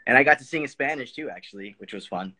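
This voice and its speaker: A young man from Georgia, an actor guest on a livestream, laid-back and agreeable, quick to laugh. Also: mid-range voice, animated, sharp tone, slightly rough. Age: young adult. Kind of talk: casual chat. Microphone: phone livestream.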